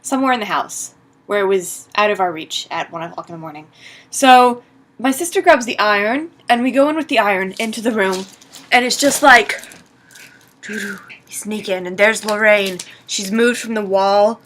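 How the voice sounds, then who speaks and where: A woman's voice: mid-range voice, normal speed, slight background noise. Chatty woman vlogger telling a story. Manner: animated, chatty, lots of "like" and "um". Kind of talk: casual storytelling to camera.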